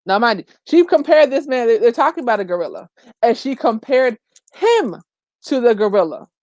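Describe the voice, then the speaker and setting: Brief: woman vlogger, animated and emphatic, slangy commentary, dry close sound. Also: on the high side, normal speed, dry recording. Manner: colloquial, says "child" and "girl" often. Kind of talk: opinionated commentary vlog.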